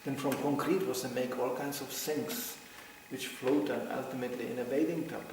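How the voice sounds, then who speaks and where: At a moderate pace and medium pitch, a middle-aged man recounts anecdotes to a devotional gathering, laughing frequently and acting out others' lines with lively energy. The clip has slight background noise, heavy echo, and a far-off microphone.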